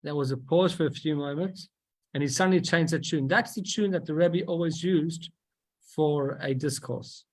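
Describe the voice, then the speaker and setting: Husky-voiced man teaching a text. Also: fairly high pitch, moderate pace, a little mellow. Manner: explanatory, asks and answers his own questions, frequent restarts. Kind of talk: explaining a text in a class.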